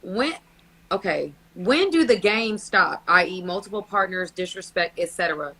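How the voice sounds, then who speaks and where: Woman therapist co-host, bright tone, lively, chatty, asks the questions. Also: lowish voice, normal speed, rough recording. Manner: lively, chatty, laughs often. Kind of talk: casual podcast chat.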